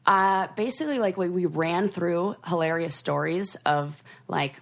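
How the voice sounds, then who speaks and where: A woman's voice: lowish voice, unhurried. A woman co-hosting a podcast in casual chat, talking loosely with lots of fillers and trailing sentences. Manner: chatty, many fillers, trails off. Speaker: podcast co-host.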